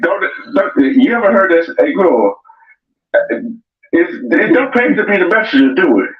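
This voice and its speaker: A man hosting a casual livestream and reading chat aloud, laughing often and breaking into loud excited exclamations. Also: high-pitched, moderate pace. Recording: echoey, distant, dull sound.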